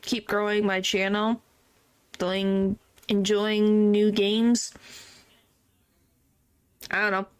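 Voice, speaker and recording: A woman's voice: medium pitch, flat delivery, drawn-out words, pauses often, smooth. A woman streamer chatting casually and giggling while reading through a game. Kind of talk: casual gameplay commentary. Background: game music.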